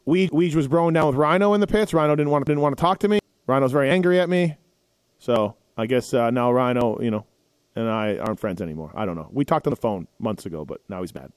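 A man's voice: medium pitch, fast, no room sound. A man hosting a casual racing podcast, rambling and correcting himself as he reads off results. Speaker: podcast host running through race results. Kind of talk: casual chat.

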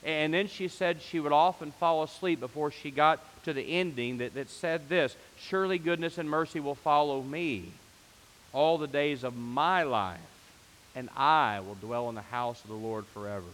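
A man's voice: fairly high pitch, normal speed, a bit bright, big-room sound, poor audio. A man pastor preaching a sermon, rising to fervent emphasis on repeated phrases.

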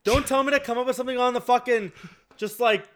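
A man's voice: very high voice, fairly even intonation, fast, a bit bright. A man co-hosting a podcast, flustered and exasperated, swearing often in casual banter. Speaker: podcast co-host.

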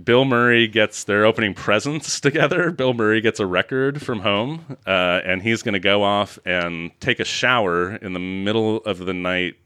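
A man co-hosting a casual movie review chat, sarcastic and animated, acting out scenes mockingly. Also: fairly low pitch, moderate pace, hardly any pauses, clear, resonant tone, no echo, clean studio sound. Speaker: podcast co-host.

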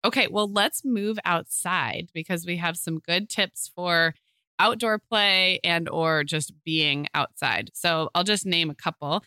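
Podcast cohost lady, bright sharp voice, upbeat, running thru listener tips. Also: fairly low pitch, unhurried, clear, resonant tone, dry recording. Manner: upbeat, steers the talk through listener tips. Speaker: podcast co-host. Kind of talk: casual chat.

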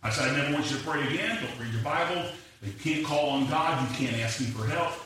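Bright, animated preacher man in an echoey church. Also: a little high, fast talker. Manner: animated, acts out quoted voices. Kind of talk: sermon with personal stories. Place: church sanctuary. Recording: echoey hall, mic far off, faint noise.

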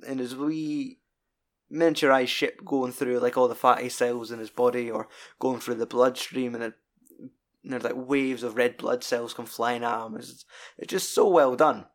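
A man's voice: mid-range voice, moderate pace. Scottish man, podcast co-host, loose sweary film talk. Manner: sweary, rambling and animated retelling. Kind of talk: casual film chat.

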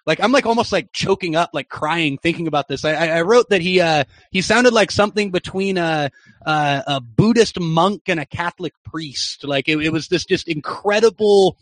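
Young man, animated storyteller, higher voice. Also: normal speed, no echo. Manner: animated, excited anecdote-telling. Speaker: soccer journalist and broadcaster, podcast guest. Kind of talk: storytelling in a podcast interview.

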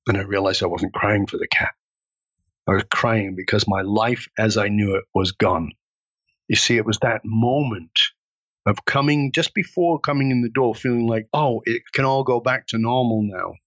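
A man's voice: lowish voice, moderate pace, a bit bright, slightly rough, no echo, dull audio. A man telling a personal story with intense, dramatic delivery as an interview guest.

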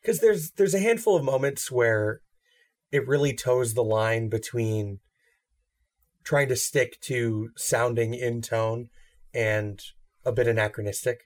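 A man's voice: mid-range voice, a little slow. A man chatting casually about a film with friends, talking loosely with many fillers. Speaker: podcast co-host.

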